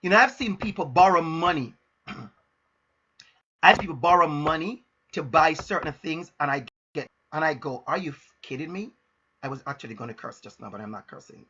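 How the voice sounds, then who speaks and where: Bright, husky-voiced man giving a pep talk. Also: a little high, expressive, normal speed, dull audio. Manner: emphatic, repeats phrases for stress; frank and direct. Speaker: motivational speaker. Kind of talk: motivational live-stream talk.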